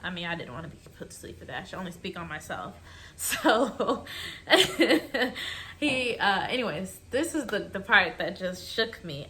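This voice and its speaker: A woman's voice: mid-range voice, bright, forceful tone. A young woman with a mid-range voice tells a personal story in a casual vlog. She talks chattily and with feeling, often speaking straight to her viewers. Faint background noise sits under the recording. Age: young adult. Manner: chatty, emotional, addresses viewers directly. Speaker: vlogger.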